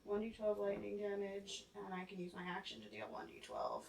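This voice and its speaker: A woman's voice: medium pitch, wildly swooping pitch, fairly quick, vocal fry, a little mellow, recorded from a distance, a little hiss or hum. A woman playing a tabletop game, chatty, swearing casually and asking rules questions. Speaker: player. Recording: roomy, from off-mic.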